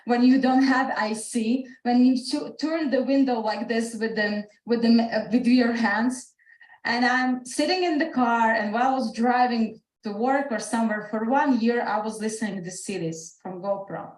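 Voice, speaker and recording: On a video call, a woman with a Slovak accent and a fairly high voice gives a motivational talk, earnestly recounting a personal story at normal speed with many restarts in her English. The low-quality recording sounds roomy.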